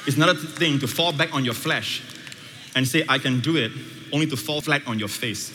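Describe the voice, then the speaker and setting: A male pastor preaching a sermon, emphatic, swinging between loud high peaks and hushed low passages. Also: fairly quick, a little hiss or hum. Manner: emphatic, with sweeping shifts between loud highs and quiet lows. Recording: reverberant hall with faint ambience.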